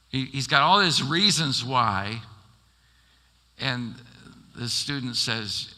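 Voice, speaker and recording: A man's voice: medium pitch, slow, pauses often, bright, forceful tone. A man pastor preaching a sermon, telling stories animatedly and acting out the people he quotes. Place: church sanctuary. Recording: long church hall reverb.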